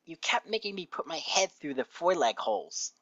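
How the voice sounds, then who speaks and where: A man's voice: fairly high pitch, sing-song, fairly quick, pushed and bright, no echo, dull audio, pitched above the performer's own voice. Man putting on a cranky tomboy pony girl. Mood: grumpy. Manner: gruff, grumpy and defensive. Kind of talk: fan fiction reading.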